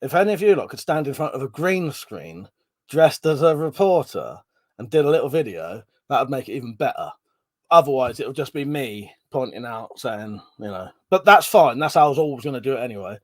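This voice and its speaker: At a brisk pace, a man with a sing-song, mid-range voice runs a casual livestream, going through comments. He's chatty, laughs often, and curses plenty, with no room sound.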